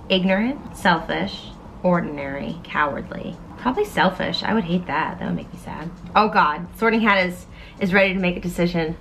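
A young woman vlogging casually through online quizzes, animated and excitable, thinking aloud as she goes. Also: fairly low pitch, moderate pace, creaky, slight background noise. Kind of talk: casual quiz vlog.

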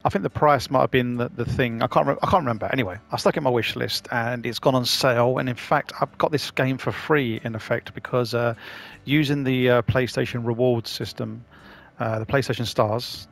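Chatty man with gravelly voice. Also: medium pitch, fairly even intonation, brisk. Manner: chatty, rambling, self-deprecating. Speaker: gaming channel host. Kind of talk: casual gameplay commentary.

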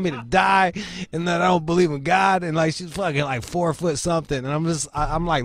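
A man's voice: fairly high pitch, fairly quick, soft background music. A man hosting a show, telling a street story in a loose, profane, rambling way. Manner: profane, rambling, animated retelling. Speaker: show host. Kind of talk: casual storytelling.

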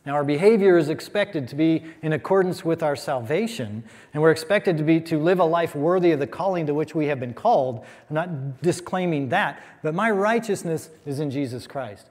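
A man's voice: on the high side, lively intonation, moderate pace, hardly any pauses, a little mellow. American man preaching in a reverberant hall. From United States. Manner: conversational, emphatic, with wry asides. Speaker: pastor. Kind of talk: sermon Bible teaching.

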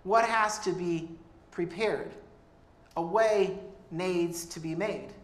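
A man's voice: sits high, slow pace. A man preaching a sermon as pastor, earnest and conversational, with humorous asides. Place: church. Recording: echoey church room.

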